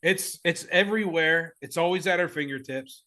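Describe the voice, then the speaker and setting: Man, Southern US twang, bright and a bit high, excitable rambling podcast host. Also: moderate pace. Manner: excitable, laughs a lot, rambling. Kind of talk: casual chat.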